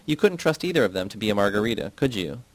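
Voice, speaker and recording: A man's voice: on the low side, sing-song, fast talker, dry recording. A man reading the part of an earnest, defensive young man who argues his point at length. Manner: earnest, argumentative explaining.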